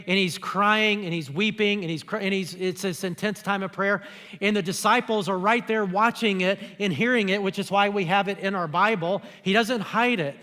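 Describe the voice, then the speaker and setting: A man's voice: high-pitched, fairly even intonation, moderate pace, sharp tone, in a large hall. A man preaching a sermon as pastor, speaking conversationally and acting out the lines he quotes. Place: church auditorium.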